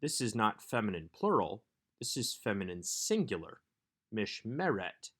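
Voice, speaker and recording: Low-voiced man teaching a language lesson. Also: very animated, a bit bright. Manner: measured, explanatory teaching. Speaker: Hebrew instructor. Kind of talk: recorded workbook lesson.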